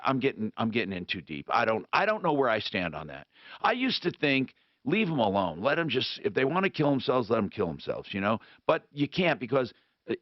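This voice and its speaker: A man hosting a call-in radio talk show, rambling and thinking out loud with frequent restarts. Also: mid-range voice, no room sound. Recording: dull lo-fi radio broadcast.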